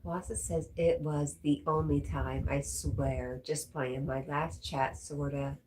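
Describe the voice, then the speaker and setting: A woman's voice: low voice, fairly even intonation, slow pace, background noise. A woman hosting a casual livestream, chatting and reading viewer comments aloud, a little stuffy. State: stuffy, congested. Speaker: livestream host reading chat.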